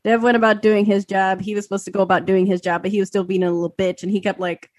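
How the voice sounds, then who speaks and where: A woman in her thirties co-hosting a podcast, telling an animated story with lots of swearing and acted-out quotes. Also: mid-range voice, fast talker. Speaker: podcast co-host. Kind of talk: casual chat.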